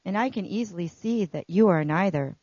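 A woman voicing a kind, generous quilt maker in a read-aloud story, speaking calmly and gently. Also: mid-range voice, fairly quick, breathy edge, dry recording, muffled recording, natural voice.

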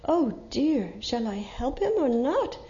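A woman's voice: fairly high pitch, sing-song, slow pace, dark tone. A woman voicing a kind, compassionate male traveler who earnestly thinks aloud, on a muffled lo-fi recording.

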